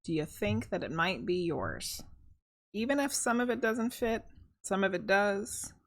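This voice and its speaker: A woman psychic medium giving a live-stream tarot reading, reading chat aloud and thinking out loud with a chatty, soft-spoken manner. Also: medium pitch, expressive, a little slow.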